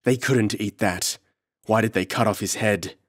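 A man's voice: fairly low pitch, a little slow, no room sound, clean studio sound. A man voicing a frightened ship's mate who mutters and protests hysterically, in an audiobook reading.

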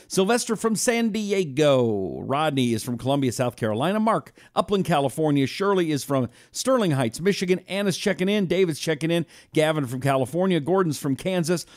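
A host with a fairly high-pitched voice runs a live talk stream, chatting loosely with viewers, reading their comments aloud and tossing in blunt asides. The recording is dry, with clean studio sound.

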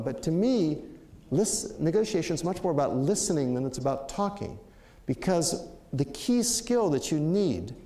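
Gravelly older man telling a story. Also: a little high, dark tone, roomy sound. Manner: anecdotal, reflective, with many fillers and restarts. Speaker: speaker giving a talk. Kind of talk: storytelling lecture.

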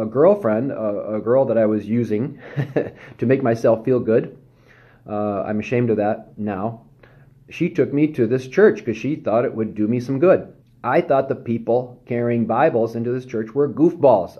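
A man from Southern California tells his personal testimony in a halting, candid, self-deprecating way. His voice sits at an everyday middle pitch. The recording is slightly dull and lo-fi. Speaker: testimony speaker.

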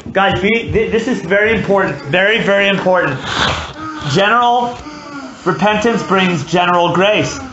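A man's voice: high voice, normal speed. A man preaching a sermon as pastor, earnest and direct, repeating key points for emphasis and closing in prayer. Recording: echoey, dull, noisy recording.

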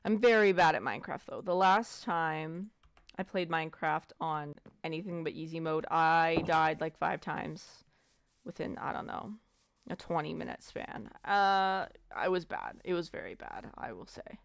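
A woman's voice: low-pitched, measured pace, gravelly, clean tone, no echo. A woman giving casual, rambling gameplay commentary, muttering self-deprecating asides to herself as she plays. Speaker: let's play gamer.

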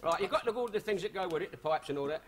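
An actor playing a cheeky young bus driver in a 1970s studio sitcom, brash and wisecracking. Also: male voice, high voice, lively intonation, rapid-fire. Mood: joking. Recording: hissy old TV soundtrack.

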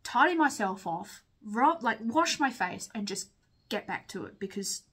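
A woman's voice: mid-range voice, lively intonation, unhurried, fairly bright tone, breathy edge. Young Aussie woman, candid rambling vlog chat over makeup, sniffly. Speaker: vlogger. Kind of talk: casual chat while doing makeup.

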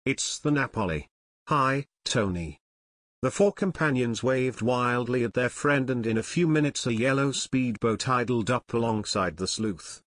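A man narrating an adventure audiobook in a steady, measured storytelling manner. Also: mid-range voice, no room sound. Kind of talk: scripted narration.

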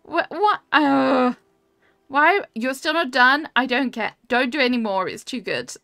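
A woman's voice: high voice, lively intonation, unhurried, creaky, pushed and bright, no room sound, studio quality. A woman streaming a cozy building game, gushing over viewers' builds and reading chat aloud in casual talk. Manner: gushing, easily delighted, reads chat aloud. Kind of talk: casual livestream chat while playing.

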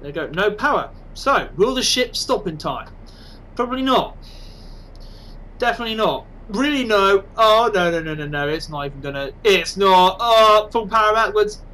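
Man, game commentary, excitable, self-mocking, high voice, bright tone. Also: moderate pace, low-quality recording. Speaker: gaming channel host.

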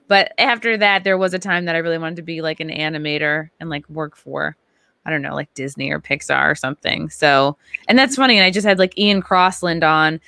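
A young woman hosting a podcast, chatting casually and with animated enthusiasm. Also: deep voice, brisk, vocal fry, no echo. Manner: animated, enthusiastic, acts out quotes. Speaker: podcast host. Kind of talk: casual interview chat.

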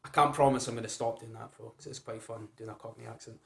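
A man's voice: mid-range voice, fairly even intonation, fast, gravelly, a bit bright, echoey room. A man talking casually straight to his viewers, chatty and informal, addressing them as guys and folks. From Scotland. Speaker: founder of a gambling recovery group. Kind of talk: casual direct-to-camera talk.

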